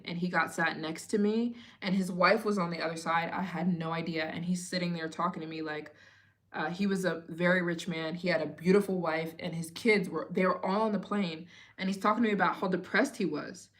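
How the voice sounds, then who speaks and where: A woman in her late twenties, chatting casually and telling stories in an expressive way as the host of a live Q&A stream. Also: fairly low pitch. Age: 20s. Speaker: travel vlogger hosting a live Q&A.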